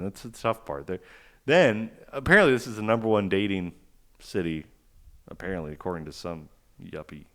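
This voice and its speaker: A man co-hosting a podcast in casual chat, rambling and making crude jokes. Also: low voice. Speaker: podcast co-host.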